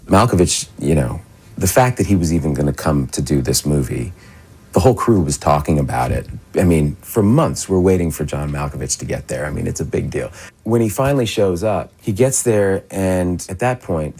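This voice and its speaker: A man with a husky voice tells a story from a film set. He sounds amused and laughs as he talks, and his pitch moves around a lot. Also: lively intonation, moderate pace, darkish tone. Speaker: actor telling an anecdote. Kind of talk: anecdote in an interview clip.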